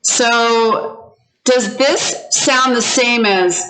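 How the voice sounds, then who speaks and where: A woman teaching pronunciation over a video call, stretching each word out so learners can repeat it. Her voice is bright and clear, and she speaks at an unhurried, deliberate pace throughout. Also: a little high, lively intonation, poor audio. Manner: slow, drawn-out modelling of words for learners to repeat. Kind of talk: online pronunciation lesson.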